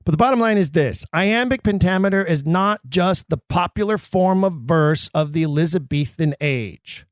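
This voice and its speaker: A man's voice: sits high, expressive, normal speed, hardly any pauses, no room sound, studio quality. A man hosting a podcast, explaining verse to actors in an emphatic way with wry, self-mocking asides. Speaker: podcast host. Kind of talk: explanatory talk on Shakespeare for actors.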